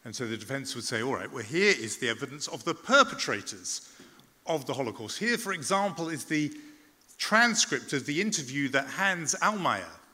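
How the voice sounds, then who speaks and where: A man, a journalist, giving a public talk in a measured, reflective storytelling manner, often pausing on "uh" and restarting words. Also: medium pitch, sing-song, bright, forceful tone, slightly rough, long reverb tail.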